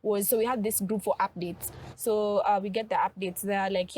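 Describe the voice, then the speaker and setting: A woman's voice: mid-range voice, fairly even intonation, normal speed, a little mellow, slightly rough. A woman on a podcast, telling a personal story in an earnest, emotional way. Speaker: podcast co-host. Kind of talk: podcast conversation.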